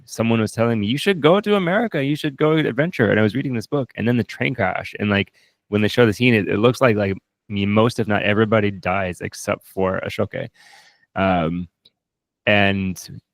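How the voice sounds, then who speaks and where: Gravelly low guy chatting about a movie, keeps restarting his sentences, dry close sound. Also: no echo. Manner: reflective, restarts sentences often. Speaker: co-host, film reviewer. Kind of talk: casual film discussion.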